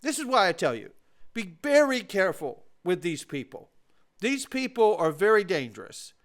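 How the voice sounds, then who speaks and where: A man's voice: sits high, very animated, normal speed. A man hosting his own commentary channel, talking straight to viewers in an emphatic, opinionated way. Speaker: host of a crypto commentary channel. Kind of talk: casual commentary.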